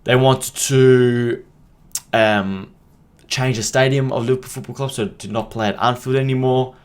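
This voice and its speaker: A man's voice: medium pitch, fairly even intonation, a little slow. A young man giving a heated, rambling opinion monologue on his football podcast, restarting sentences and swearing as he goes.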